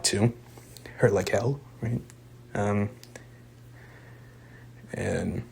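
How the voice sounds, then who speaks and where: A young man with a low, gravelly voice talks through a movie review. His delivery is loose and rambling, packed with "like" and "um", and a bit husky around the edges. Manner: rambling, full of "like" and "um" fillers; laid-back, chuckles now and then. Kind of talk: casual spoken movie review.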